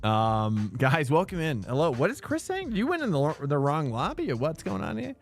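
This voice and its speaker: A loose, chatty man streaming his sim racing and talking to chat. His pitch jumps around a lot as he rambles. Faint music plays behind him. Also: huge pitch swings, normal speed. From United States. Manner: loose and chatty, says dude and bro a lot. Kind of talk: casual live-stream chat.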